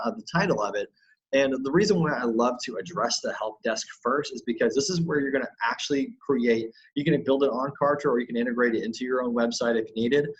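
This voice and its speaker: A man giving a chatty, loose screen-share software tutorial as an online business coach, with lots of fillers and restarts. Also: medium pitch, slightly rough, muffled recording.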